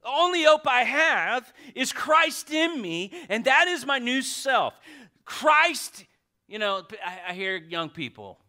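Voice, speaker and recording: A man preaching a lively sermon from a church stage. His voice sits high and climbs and dips all over, one moment near a shout and the next a hushed aside. He jokes with the congregation between points. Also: a little slow. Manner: passionate, swings from loud to hushed, jokes with the congregation. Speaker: pastor. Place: church sanctuary.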